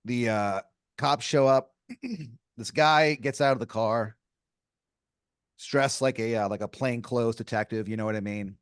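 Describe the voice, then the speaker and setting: A man's voice: medium pitch, unhurried, smooth, no room sound, studio quality. A man running an improvised tabletop-style story as game master, casual and profane, with lots of fillers.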